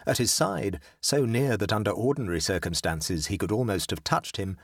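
A man narrating a story in a measured storytelling delivery. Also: fairly low pitch, no room sound, clean studio sound. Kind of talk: scripted narration.

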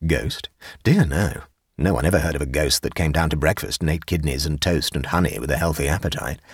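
A man reading a story aloud, voicing a sly, mischievous young gentleman who speaks with measured, deadpan gravity. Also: very deep voice, breathy edge, no echo, clean studio sound, heavily acted. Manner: measured, deadpan, arch delivery. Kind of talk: audiobook character voice.

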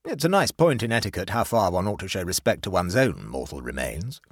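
A man reading aloud, voicing a drily ironic English gentleman in a story. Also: deep voice, big pitch swings, fairly quick, no room sound, studio quality, full character voice. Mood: wry.

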